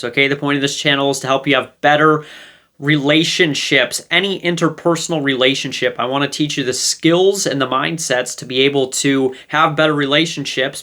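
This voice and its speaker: A man's voice: on the high side, bright, forceful tone. Man who keeps asking 'okay?' as he teaches. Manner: ends many points with a checking 'okay?'; conversational, with many fillers and restarts. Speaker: relationship advice video host. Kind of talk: casual teaching monologue.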